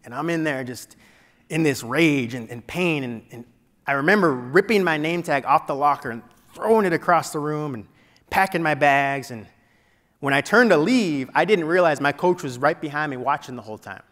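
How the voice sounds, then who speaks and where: A man's voice: a little high, normal speed. Man telling a story in a reverberant hall. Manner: dramatic storyteller, drops to a hush at painful moments. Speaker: keynote speaker. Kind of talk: motivational storytelling speech. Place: large event hall before an audience.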